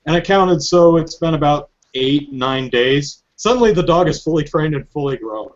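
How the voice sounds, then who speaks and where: A man hosting a podcast in casual chat, telling stories in an animated, joking way. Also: fairly high pitch, moderate pace, highs cut off. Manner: animated, joking storytelling with frequent laughs. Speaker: podcast host.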